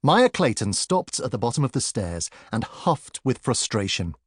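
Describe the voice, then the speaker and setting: A man narrating a children's audiobook with expressive storytelling. His mid-pitched voice moves through a lively, animated melody. The recording is dry and close, with no room sound. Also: normal speed, husky, no room sound. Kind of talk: scripted narration.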